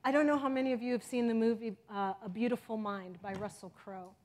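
A middle-aged woman preaching a sermon with passion, moving from loud exhortation to hushed intensity. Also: a little high, fairly even intonation, fast. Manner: impassioned, swings from loud exhortation to soft intensity.

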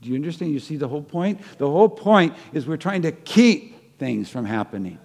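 A man's voice: on the high side, animated, fairly quick, gravelly, darkish tone. A man preaching a sermon in a conversational way, stumbling over restarts, laughing at himself, then rising to fervent peaks. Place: church sanctuary. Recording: long hall reverb.

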